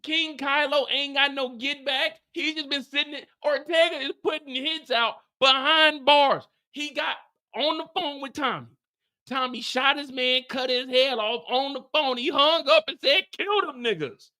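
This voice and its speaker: A man hosting a comedic TV episode recap, ranting in an animated, profane, mock-dramatic way. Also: extremely high pitch, normal speed. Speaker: show recap host.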